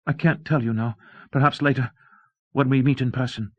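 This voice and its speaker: A man reading the lines of a worried young woman, softly and simply, on a dull cassette recording. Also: mid-range voice, fairly even intonation, normal speed, no room sound, voice pushed up, lightly acted. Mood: hushed. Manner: soft, subdued, speaks simply.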